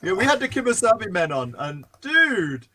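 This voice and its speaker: A man hosting a casual podcast chat, playful and quick to laugh, talking over a video call. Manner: playful, laughs often, lively pitch. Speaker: podcast host.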